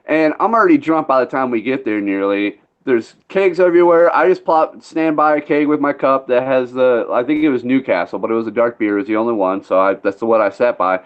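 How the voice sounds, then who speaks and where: A man's voice: mid-range voice, a little fast, hardly any pauses. Casual male podcast host, loose storyteller, dull recording. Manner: rambling, laid-back storyteller, swears freely.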